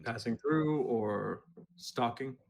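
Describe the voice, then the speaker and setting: A man's voice: medium pitch, slow pace, gravelly. A man playing his character in a tabletop game, speaking steadily and plainly. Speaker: player.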